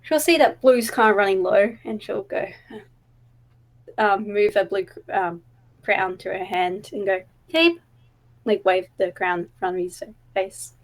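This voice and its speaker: A woman taking part in a tabletop game, describing her character's moves at a middle pitch. She hesitates often and fills the gaps with ums. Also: steady tone, unhurried. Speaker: player.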